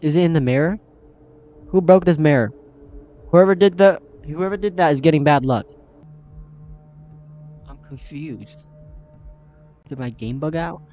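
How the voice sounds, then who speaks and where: A man's voice: a little high, unhurried, long pauses, dark tone, lo-fi sound, soft background music. Jumpy young man playing a horror game. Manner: jumpy, easily startled, talks to himself and viewers. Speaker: gaming channel host. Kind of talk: horror game let's play commentary.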